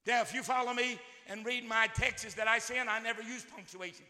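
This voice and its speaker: A man preaching a sermon as pastor. He swings from quiet musing to shouted outbursts and repeats words and phrases. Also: very high voice, steady tone, fairly quick. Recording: long hall reverb.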